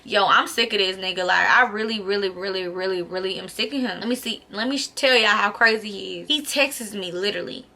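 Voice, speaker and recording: A young woman narrating a storytime vlog, cursing freely and jumping into the voices of everyone in her story. Her tone is bright and sharp, with a gravelly fry at the ends of her phrases. She keeps a casual, animated pace throughout. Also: medium pitch, fairly quick, hardly any pauses. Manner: animated, profane, acts out dialogue. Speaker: vlogger.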